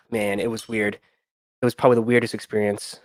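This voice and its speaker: A man's voice: on the low side, flat delivery, normal speed, dry recording, clean studio sound. A young man hosting a stream, telling a story in a loose, rambling way with many fillers and restarts. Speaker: sneaker channel host.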